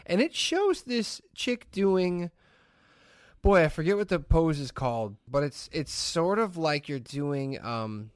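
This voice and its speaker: A man's voice: on the high side, big pitch swings, slow, no echo, studio quality. A man co-hosting a podcast, chatting casually and sarcastically while mocking lazy jokes and reading headlines aloud. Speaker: podcast co-host. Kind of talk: casual comedic banter.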